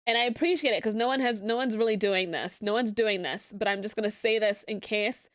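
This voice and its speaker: A woman streamer chatting casually with her viewers, excitable and quick to laugh, often jumping up into a squealing high pitch. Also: dry recording, studio quality. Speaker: streamer reacting to memes. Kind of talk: casual live-stream chat.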